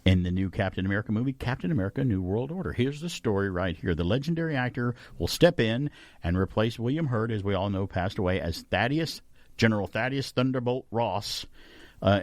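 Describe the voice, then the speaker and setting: A man's voice: fairly low pitch, darkish tone, no echo. A man hosting a casual radio talk show, chatting enthusiastically and laughing often.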